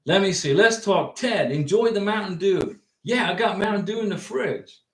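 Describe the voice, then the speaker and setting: A high-voiced man from the US hosts a visa-advice livestream at a moderate pace, the room giving off echo. He talks informally, fields comments from viewers, and rambles, stressing the same points again and again.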